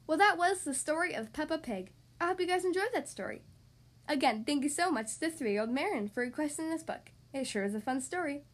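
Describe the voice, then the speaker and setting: A woman hosting a podcast, reading a children's story aloud in a cheerful, expressive way. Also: high voice, fairly quick.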